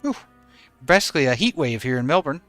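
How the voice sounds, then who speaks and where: A man's voice: mid-range voice, big pitch swings, fast talker, fairly bright tone, no room sound, soft background music. A man streaming a game from home in regional Australia, easygoing as he greets and thanks viewers by name. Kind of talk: live stream chat with viewers.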